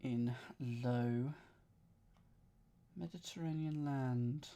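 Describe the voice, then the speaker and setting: Slow, musing man reading puzzle clues. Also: mid-range voice, warm tone. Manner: reads clues aloud and muses over the wordplay. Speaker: streamer solving a crossword. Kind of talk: thinking aloud while solving.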